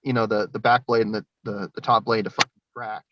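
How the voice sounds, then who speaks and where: A man's voice: on the low side, flat delivery, fast, background noise. Rambling, profane man on a dull line. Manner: rambling, swears often, laughs between lines. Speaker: guest. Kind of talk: casual spoken testimony. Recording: dull lo-fi sound, dry.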